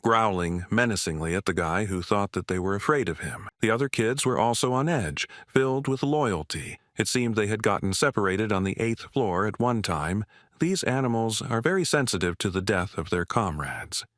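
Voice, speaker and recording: Male recap narrator, low register, steady scripted delivery, dry booth sound. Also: moderate pace, no echo.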